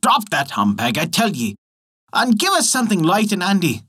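A man's voice: very high-pitched, sing-song, moderate pace, a bit bright, husky, voice pushed up, heavily acted. A man voicing a mischievous fairy changeling boy with a harsh, commanding voice. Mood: bossy. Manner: bossy, cheering and commanding.

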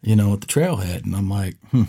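Husky low-voiced man telling a story. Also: fairly quick. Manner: animated storyteller, acts out quotes. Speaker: podcast co-host. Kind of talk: casual storytelling chat.

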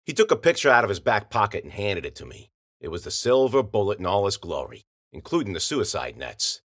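A man narrates a gritty first-person tale in slangy, rough-grammared speech. His voice is bright and forward. He rides wide, animated pitch swings through the telling. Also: a little fast. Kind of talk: hard-boiled first-person story narration.

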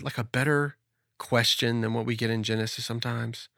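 A man reads scripture aloud on a Bible study podcast and breaks off for joking asides. His voice is mid-pitched and close, with a dry sound. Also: steady tone, brisk, vocal fry, fairly bright tone, no room sound. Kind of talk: reading scripture and casual discussion.

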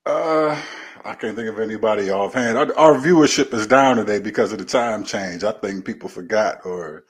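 A man co-hosting a casual stream in a low-key, laid-back way. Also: normal speed, breathy edge. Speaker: co-host. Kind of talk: casual chat.

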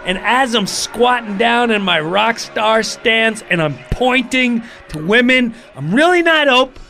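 A man telling a comic story in a lively way, acting out the people in it and swearing freely. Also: extremely high pitch, measured pace, vocal fry, faint music behind. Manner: lively, acts out every character, swears freely. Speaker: comedian guest.

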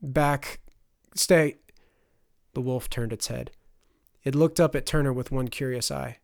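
A man narrating a fantasy audiobook in a steady, expressive storytelling manner. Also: mid-range voice, moderate pace, vocal fry, no room sound, clean studio sound.

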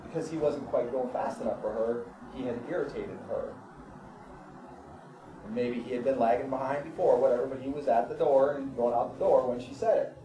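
A man's voice: mid-range voice, fairly quick, dark tone, slight background noise. A man preaching a sermon, reading scripture with rising fervor and then telling everyday stories in a conversational way. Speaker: pastor. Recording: echoey room, far from mic, crowd.

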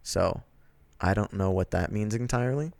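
A man's voice: on the low side, moderate pace, vocal fry, darkish tone, dry recording. A man co-hosting a podcast, chatting casually about films in a wry, sarcastic way and hedging his guesses. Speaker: podcast co-host. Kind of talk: casual chat.

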